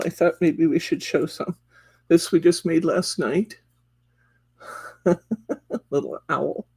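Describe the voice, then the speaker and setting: A man's voice: on the high side, a little mellow, husky. A man hosting a live craft demonstration in a chatty way, laughing often and greeting viewers by name. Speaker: craft class host. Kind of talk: live craft demo chat.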